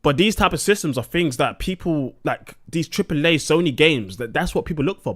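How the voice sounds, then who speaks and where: A man's voice: fairly high pitch, lively intonation, a little fast, hardly any pauses. A young man streaming live, talking a little drunk with slightly slurred words and ranting bluntly with plenty of swearing.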